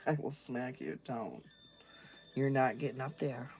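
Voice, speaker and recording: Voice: mid-range voice, measured pace, a little mellow, faint music behind. A vlogger chatting casually on a livestream while customizing dolls, playfully scolding a cat.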